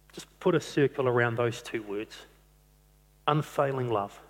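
A man's voice: medium pitch, normal speed. A man preaching a sermon, earnest, stretching out key phrases for emphasis. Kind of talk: sermon on a psalm. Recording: long hall reverb.

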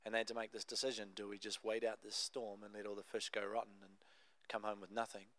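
A young adult man preaching a sermon, telling a Bible story in a conversational, animated way with casual asides. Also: on the low side, quick pace, dry recording. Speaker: pastor.

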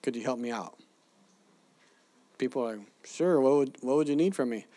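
A man teaches a congregation in a sermon-style talk, animated and conversational. He slips into quoted voices as he tells his stories. His voice sits at an ordinary middle pitch. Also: moderate pace. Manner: animated storyteller, acts out quoted people. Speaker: preacher teaching evangelism.

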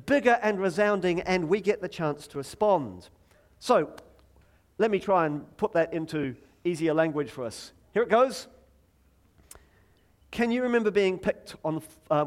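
A middle-aged man preaching a lively, joking sermon from a church stage, chatty and self-deprecating, drawing the congregation in. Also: high-pitched. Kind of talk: playful sermon with audience participation.

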